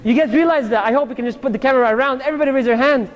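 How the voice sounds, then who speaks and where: High-voiced man preaching in a reverberant hall. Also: racing, muffled recording. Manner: casual, joking, talks straight to the crowd. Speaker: Islamic lecturer. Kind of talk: lively sermon to a live audience. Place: hall with a live audience.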